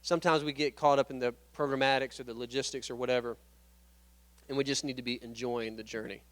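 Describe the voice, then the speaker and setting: Man at a training session, calm and reflective. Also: medium pitch, fast talker. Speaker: workshop presenter. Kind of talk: training workshop talk.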